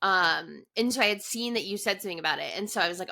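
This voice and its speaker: A woman's voice: mid-range voice, fast talker, gravelly, pushed and bright. A woman co-hosting a podcast in casual chat, recapping in a rambling way full of "like" and "um". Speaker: podcast co-host.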